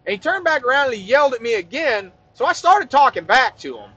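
Male comic, high lively voice, rambling and profane. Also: fast talker, husky, no echo, muffled recording. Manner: rambling, profane, deadpan asides. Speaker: comedian. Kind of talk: comic rant.

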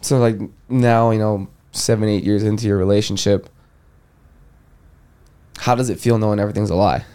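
A man's voice: lowish voice, steady tone, normal speed, pauses often, warm tone, slight background noise. A man co-hosting a casual podcast, teasing and joking as he cuts in with questions. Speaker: podcast co-host.

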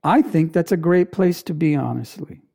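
A preacher delivering a sermon in an emphatic way, with dramatic pauses and repeated phrases. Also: medium pitch, vocal fry, warm tone, breathy edge.

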